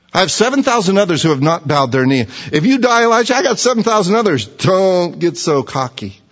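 A man preaching a sermon, animated and acting out the dialogue in character voices. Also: sits high. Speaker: pastor. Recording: dull sound in a reverberant hall.

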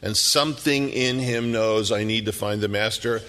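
A middle-aged man preaching a sermon, telling the story dramatically and dropping at times to hushed whispers. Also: fairly low pitch, moderate pace, in a large hall.

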